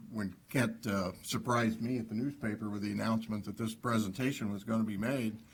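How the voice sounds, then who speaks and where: A man's voice: fairly low pitch, fairly even intonation, brisk, slightly rough. A man with a Southern Illinois accent giving a humble, lightly joking award acceptance speech at a dinner podium. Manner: humble, self-deprecating humor. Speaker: award honoree. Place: banquet hall.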